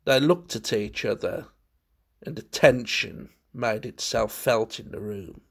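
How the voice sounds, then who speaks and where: A man reading a ghost story aloud as narrator in a measured, expressive way. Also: fairly low pitch, gravelly.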